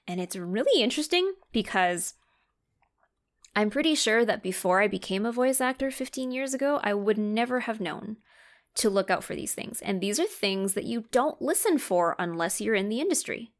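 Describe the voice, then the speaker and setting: Woman co-host, mid pitch, casual chat, lively storyteller, acts out quotes. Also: normal speed. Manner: animated storyteller who acts out quoted voices. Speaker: podcast co-host.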